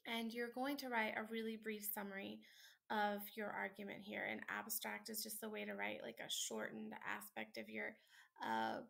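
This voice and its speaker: A woman's voice: medium pitch, normal speed, vocal fry, a bit bright. A tired woman instructor, talking late at night at home, walks students through a sample paper in a casual, chatty way with many ums and likes. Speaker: college instructor. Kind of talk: screen-recorded lesson walkthrough.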